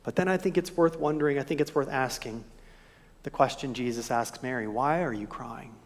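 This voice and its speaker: A man preaching a sermon as pastor, gentle and reflective, posing soft rhetorical questions to the congregation. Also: mid-range voice, fairly quick. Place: church sanctuary. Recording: long hall reverb.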